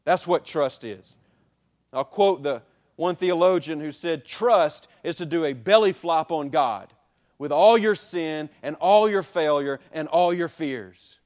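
A man preaching a sermon, building to loud peaks and dropping low and quiet, with repeated rhetorical questions to the congregation. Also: animated, unhurried. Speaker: pastor.

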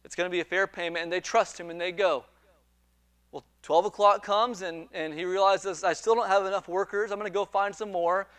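A man with a high voice preaches a sermon. He retells a parable in an animated way, acts out the quoted dialogue and repeats words as he builds each point. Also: brisk, clean tone, no echo. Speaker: pastor.

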